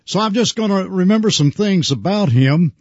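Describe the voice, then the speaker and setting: A man's voice: high voice, animated, moderate pace, a little mellow, no room sound, dull audio. A man hosting a radio show, reminiscing about an old friend in a folksy storytelling way. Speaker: radio host. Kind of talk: on-air reminiscing.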